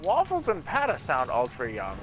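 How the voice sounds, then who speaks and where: A man hosting a game stream, telling a story in an animated way, swearing freely. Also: a little high, normal speed, crowd noise. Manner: animated, swearing, dramatic retelling. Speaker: streamer host. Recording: noisy home stream mic.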